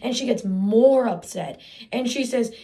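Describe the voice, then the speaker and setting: Speaking at a measured pace in a mellow, slightly high voice, a teenage girl in student theater takes on the role of a keen, resentful boy who claims the sun as his father. The monologue is conversational, with sarcastic asides thrown in.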